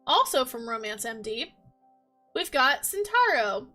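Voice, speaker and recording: A woman's voice: high voice, big pitch swings, a little slow, bright, forceful tone, faint music behind. A woman chatting casually as a gaming vlogger, gushing and rambling with lots of fillers. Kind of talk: casual chat.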